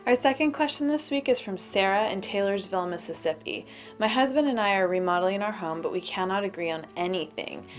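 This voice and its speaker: A woman's voice: medium pitch, fairly quick, faint music behind. A woman reading a listener's question aloud in a plain, read-aloud way.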